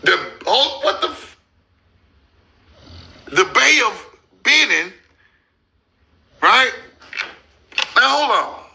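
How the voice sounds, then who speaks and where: A man hosting a casual commentary over maps, loud and incredulous, laughing and swearing, stretching out words slowly for emphasis. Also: very high voice, very animated, gravelly, a little hiss or hum. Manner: slow, drawn-out emphasis on names. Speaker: host.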